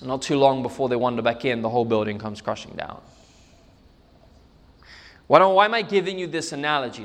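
A man's voice: mid-range voice, a little fast, long pauses, long reverb tail. A man preaching a sermon, telling a story with emphatic repetition. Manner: emphatic storytelling, repeats for stress.

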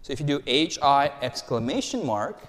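Guy pastor giving a sermon, bouncy pitch all over the place, jokes around and keeps asking the crowd questions, big church reverb. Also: normal speed. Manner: animated, jokey, quizzes the congregation. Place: church hall.

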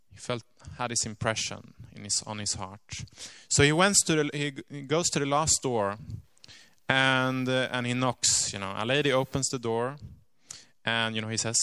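A man telling a story in a sermon, earnest and dotted with "you know", sinking to a hush at grave moments. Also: mid-range voice, normal speed, clear, resonant tone, no room sound. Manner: drops to a hushed voice at grave moments.

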